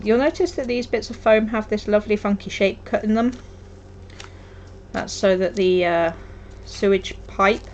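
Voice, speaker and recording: A woman's voice: medium pitch, lo-fi sound, slight background noise. A young woman from Wolverhampton, chatting casually and teasing herself while she crafts at home on a live stream. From Wolverhampton, England. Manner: chatty, self-deprecating, rambling.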